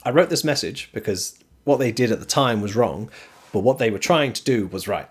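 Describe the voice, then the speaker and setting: A man hosting a stream, talking through esports ranking rules in a steady, explanatory way with frequent ums. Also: mid-range voice, fairly quick, breathy edge. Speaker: streamer host. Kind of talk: casual esports commentary.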